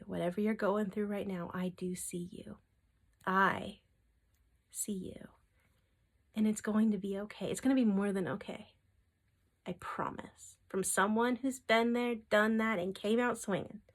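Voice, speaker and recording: A woman giving a spiritual tarot reading to her viewers. She speaks in a reassuring way, often checking in with "okay?", and delivers emphatic affirmations that sometimes drop to a soft whisper. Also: mid-range voice. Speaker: tarot reader.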